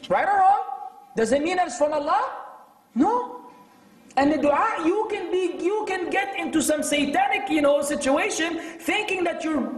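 A man giving a religious lecture, animated and exhorting, often quoting Arabic texts. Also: very high-pitched. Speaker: Islamic lecturer. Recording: echoey hall, from far off.

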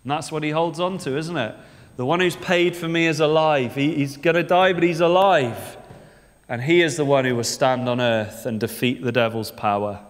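A man's voice: on the high side, moderate pace. A male preacher giving a sermon in a conversational way, often putting rhetorical questions to the congregation. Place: church. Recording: long church reverb.

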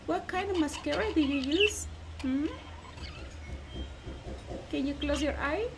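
High-voiced lady baby-talking her pet birds real slow outside, tons of loud chirping behind her. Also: background noise. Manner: cooing, doting baby talk to birds. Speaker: bird keeper talking to her pet budgies. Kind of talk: casual chat with pets. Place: outdoor aviary. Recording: loud bird chatter over the voice. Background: loud budgie chirping and squawking.

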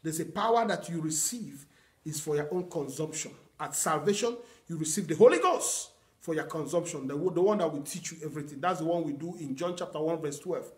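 A man's voice: fairly high pitch, expressive, a little fast. A pastor delivers a sermon in a somewhat raised voice, leaning on earnest repetition. He teaches his congregation step by step, quoting prayers and scripture as he goes. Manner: earnest teaching with repeated phrases and quoted prayers.

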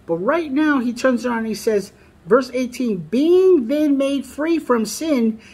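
A man delivers a sermon in a husky, breathy voice. He reads scripture aloud and presses his points emphatically, repeating the lines that matter most. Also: extremely high pitch, animated, a little slow, a little mellow. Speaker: preacher.

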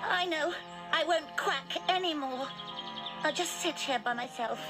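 A woman's voice: high voice, unhurried, music in the background. A woman voicing a fretful little female duck in a children's cartoon, speaking in anxious questions. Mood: worried. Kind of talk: children's TV voice acting.

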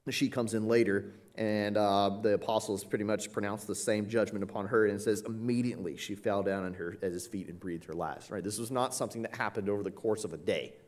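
A man with a somewhat low voice delivers an expository sermon. He talks casually through the text, with frequent filler sounds and quick "right?" check-ins to the congregation. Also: steady tone. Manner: conversational, frequent "uh" and "right?" tag questions. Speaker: pastor. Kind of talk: expository Bible teaching.

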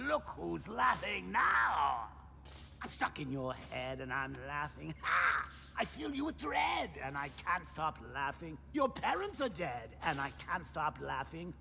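A cackling, manic clown villain. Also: male voice, a little high, gravelly, sharp tone, big-room sound, exaggerated voice. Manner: sings a taunting song, cackling between lines. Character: manic murderous male clown villain, gleeful. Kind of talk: video game song performance.

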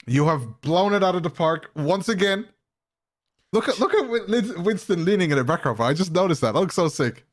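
A man's voice: sits high, animated, a little fast. A man presenting in a playful, announcer-like way, congratulating an artist.

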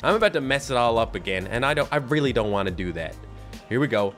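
A man's voice: medium pitch, quick pace, soft background music. Guy rambling thru a hard game, jumpy sing-songy voice, jokes at his own expense. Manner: animated, self-mocking, talks to himself and viewers. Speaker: gaming YouTuber. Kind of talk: gameplay commentary.

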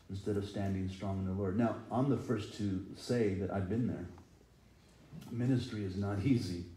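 A man's voice: on the low side, fairly even intonation, moderate pace, dark tone, reverberant, a little hiss or hum, rough recording. A middle-aged man preaching a sermon earnestly, sometimes acting out people's cries. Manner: earnest, rises and falls in intensity, acts out quoted cries. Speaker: pastor. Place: church sanctuary.

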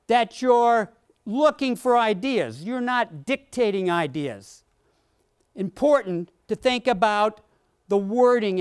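A woman's voice: on the high side, clean tone, dry recording, studio quality. A woman leading a workshop lecture, explaining ideas with playful, jokey examples and questions to the class. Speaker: workshop instructor.

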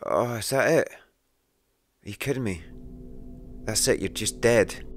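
A man's voice: fairly low pitch, unhurried, soft background music. A man giving let's play commentary on a horror game, jumpy and swearing as he talks to himself. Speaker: gamer.

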